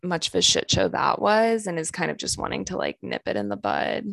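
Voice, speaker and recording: Crude, joking young woman with a gravelly voice. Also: fairly low pitch, sing-song, brisk, a bit bright, dry recording, clean studio sound. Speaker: podcast co-host. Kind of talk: casual chat recapping a TV episode.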